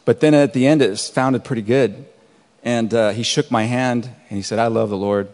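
A man's voice: mid-range voice, normal speed. Man preaching in an echoing hall. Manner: relaxed conversational preaching, chuckles at his own stories. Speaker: pastor. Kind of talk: sermon with storytelling. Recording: long hall reverb.

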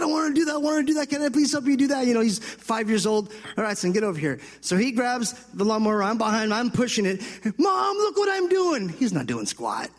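High-voiced husky preacher in a church hall. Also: male voice. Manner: animated preaching, acts out voices of children and God. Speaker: pastor. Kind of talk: sermon.

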